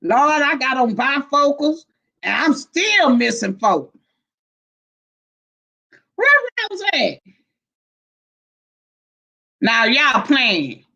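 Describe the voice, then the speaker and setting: A woman's voice: high voice, sing-song, slow pace, vocal fry, pauses often, a bit bright, lo-fi sound. A woman hosting a casual livestream, laughing often as she greets viewers by name and reads their comments. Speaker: livestream host.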